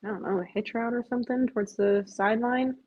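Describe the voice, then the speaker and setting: A woman casually chatting her way through a live watch of a football game, filling her talk with "like" and breaking into loud disbelief at big plays. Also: a little high, fairly even intonation, quick pace. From US Midwest. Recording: dull lo-fi sound.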